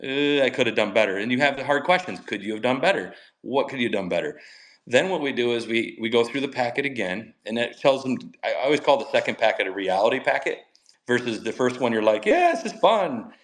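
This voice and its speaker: Middle-aged male coach, mid-pitched, upbeat and animated storyteller. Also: quick pace, poor audio. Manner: energetic, animated, acts out quoted dialogue. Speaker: guest mental skills coach. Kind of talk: enthusiastic podcast storytelling.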